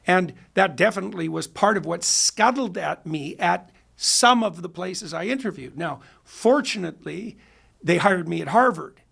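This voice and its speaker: Interview guest, male psychologist; high, very gravelly voice; emphatic, lecturing delivery. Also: animated, normal speed, fairly bright tone. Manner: emphatic, builds ideas step by step.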